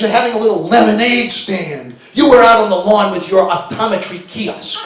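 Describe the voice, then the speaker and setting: A middle-aged man doing a stand-up comedy routine, telling a story and acting out shouted arguments. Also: high-pitched, moderate pace, few pauses, a crowd in the background. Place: stage before a live audience. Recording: roomy live venue sound.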